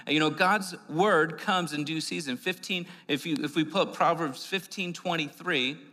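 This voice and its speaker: A man preaches a sermon with a bright, slightly higher voice. His delivery is conversational, with frequent restarts and fillers. The sound carries a long hall reverb. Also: normal speed. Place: church sanctuary.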